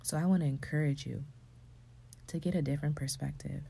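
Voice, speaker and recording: Addressing other women, a low-pitched woman delivers a faith-filled pep talk like a coach, speaking fairly quickly in a steady tone. Her mellow, slightly husky voice often sinks to a hushed, breathy register, then rises into loud, emphatic exclamations.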